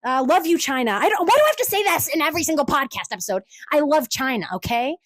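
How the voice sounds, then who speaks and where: A woman's voice: high voice, sing-song, quick pace, a bit bright, no room sound, rough recording. A woman hosting a solo podcast, ranting in a profane, exasperated and sarcastic way. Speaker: podcast host.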